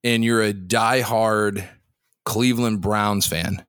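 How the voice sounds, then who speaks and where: A man hosting a podcast in casual chat, asking teasing, probing questions with quick restarts. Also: fairly low pitch, fairly even intonation, fairly bright tone, clean tone, no room sound, studio quality. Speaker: podcast host.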